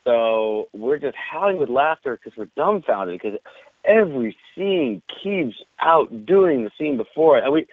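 Dude on a tinny phone line spinning a wild story, kinda low voice, dry sound. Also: male voice, unhurried, dry recording. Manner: animated, profane anecdote teller with frequent laughs. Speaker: guest. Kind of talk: casual storytelling.

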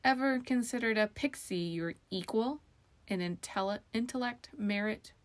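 A woman's voice: a little high, normal speed, pitched above the performer's own voice, natural voice. A woman voicing a sly, ancient magic mirror spirit that speaks in a mocking, teasing, sometimes sing-song or whispered way.

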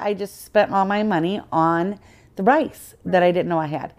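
A woman's voice: on the low side, fairly even intonation, moderate pace, a little mellow. A woman guest on a podcast, earnestly telling her personal faith story in conversation and acting out the dialogue she quotes.

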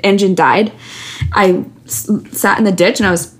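A woman's voice: mid-range voice, normal speed. Earnest woman telling stories with restarts. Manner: earnest, storytelling with many restarts and fillers. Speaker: guest. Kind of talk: candid podcast conversation.

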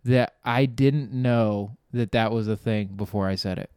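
Male podcast host, casual storyteller, swears freely, clear and resonant tone. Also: on the low side, unhurried, warm tone, dry recording. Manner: rambling, profane, trails off and restarts; laughs at his own jokes.

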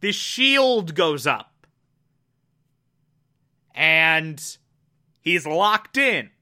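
A man casually reviewing a cartoon episode, animated and emphatic, with mocking asides. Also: fairly high pitch, very slow.

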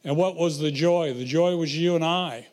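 A man's voice: on the high side, normal speed, a little mellow. A man pastoring a congregation, quoting scripture and asking the room questions. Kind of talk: sermon.

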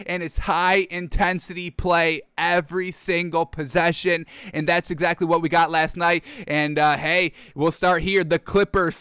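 A man's voice: high voice, pushed and bright, clean tone, dry recording, clean studio sound. A man hosting a casual sports talk show, enthusiastic and chatty, often addressing his audience directly. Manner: enthusiastic, keeps addressing "folks".

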